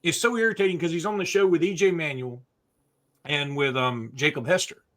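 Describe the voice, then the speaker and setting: A man co-hosting a college football podcast, talking in a rambling, animated way with many restarts. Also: a little high, fairly quick. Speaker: sports podcast co-host. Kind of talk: casual sports chat.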